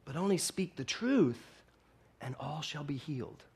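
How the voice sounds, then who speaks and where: A man's voice: on the high side, lively intonation, measured pace, a little mellow, breathy edge. A man preaching to a congregation on a stage mic, telling stories with humor and acting out the dialogue. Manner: playful storytelling, acting out dialogue. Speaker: minister. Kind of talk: sermon. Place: hall, before a congregation.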